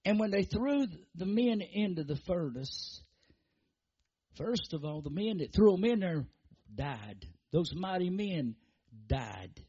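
A man preaching a sermon in a rhythmic, repetitive style, pushing his emphasis up and dropping it low. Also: expressive, a little slow, warm tone, husky, muffled recording.

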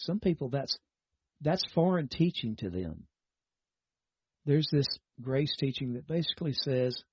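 A man's voice: mid-range voice, darkish tone, husky, dry recording. A man preaching a broadcast sermon, earnest and exhorting, then leading listeners in a prayer. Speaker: radio Bible teacher. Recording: dull lo-fi broadcast with faint music.

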